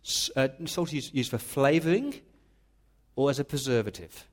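A man's voice: medium pitch, animated, moderate pace. A male pastor preaching a sermon in an earnest, emphatic way, often restarting words.

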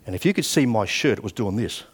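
Speaking fast with lively intonation, a sixty-something Australian man preaches in a lowish, slightly rough voice. He recounts personal stories conversationally, acting out dialogue from the past.

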